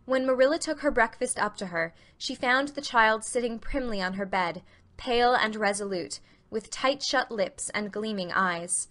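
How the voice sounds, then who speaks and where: A woman narrating a dramatic audiobook reading with clear, expressive storytelling. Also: fairly high pitch, moderate pace.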